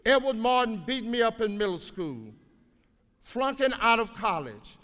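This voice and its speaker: Older male educator, high voice, folksy motivational commencement speaker, long hall reverb. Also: lively intonation, a little slow, fairly bright tone. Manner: folksy storytelling, exhorting the crowd. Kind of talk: motivational graduation speech. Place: large auditorium.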